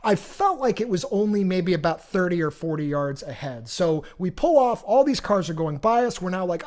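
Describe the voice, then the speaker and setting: A middle-aged man hosting a podcast, telling a long personal story in an animated, rambling way with many restarts. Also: high voice, brisk, hardly any pauses. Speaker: podcast host. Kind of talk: casual storytelling.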